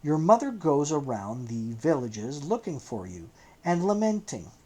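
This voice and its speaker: A man reading an audiobook, voicing a gentle, troubled older rabbi who speaks in a tender, coaxing way. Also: on the high side, big pitch swings, a little slow, breathy edge, full character voice.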